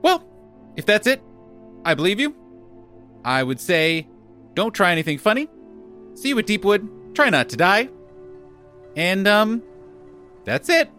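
A man voicing a small, perky halfling rider who is guarded but cheerful, speaking in a high, sing-song way. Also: big pitch swings, unhurried, long pauses, sharp tone, faint music behind, full character voice. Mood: chipper.

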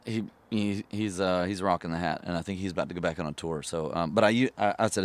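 A man, a musician guest, telling a story in casual chat, rambling and relaxed with many fillers and laughing at his own tale. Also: sits low, quick pace, hardly any pauses.

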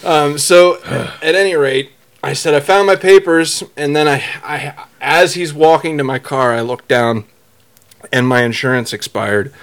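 A man co-hosting a podcast, telling a story in casual chat, halting and rambling with many restarts. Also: medium pitch, a bit bright. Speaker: podcast co-host.

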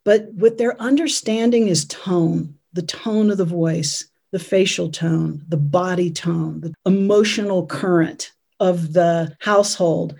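A woman's voice: lowish voice, steady tone, unhurried, gravelly, few pauses, dark tone. Earnest woman parenting consultant. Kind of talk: conversational interview.

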